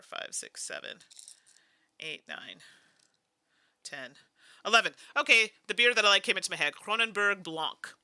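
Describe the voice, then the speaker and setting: A woman's voice: fairly low pitch, pushed and bright, no echo, clean studio sound. A woman from Canada hosting a casual solo board game playthrough, thinking aloud and chatting with viewers. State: tired. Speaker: host.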